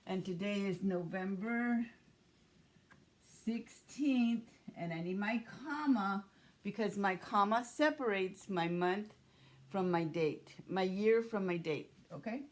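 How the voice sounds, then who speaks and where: A woman teaching a class of young children, speaking slowly and patiently as she sounds out each letter and word. Her voice sits at an ordinary pitch. She drags out each syllable for the kids to copy. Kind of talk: early-grade writing lesson.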